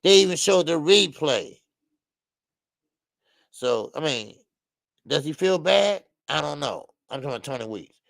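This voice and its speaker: A man's voice: fairly high pitch, a little slow, creaky, pauses often, no echo. Heated male boxing show host. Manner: heated, animated, repetitive fillers. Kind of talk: casual opinionated commentary.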